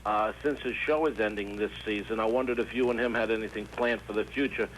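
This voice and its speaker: A man's voice: on the low side, steady tone, fast, fairly bright tone, a little hiss or hum, low-quality recording. A man calling in to a talk show, asking his question hesitantly with fillers. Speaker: caller. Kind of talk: phone-in question.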